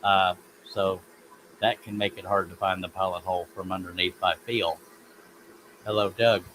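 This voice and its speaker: A man's voice: low-pitched, little pitch movement, moderate pace, fairly bright tone, a little hiss or hum, low-quality recording. A man hosting a casual woodworking live stream, rambling in a self-deprecating way and reading chat comments aloud from his home workshop.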